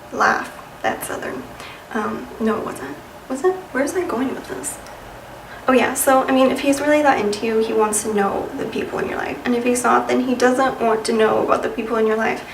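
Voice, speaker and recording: A young woman vlogger gives casual dating advice to camera, sassy and chatty with lots of "like" and "you know." Her slightly high voice sounds far from the mic, with a little hiss or hum, in an echoey room with a white wall.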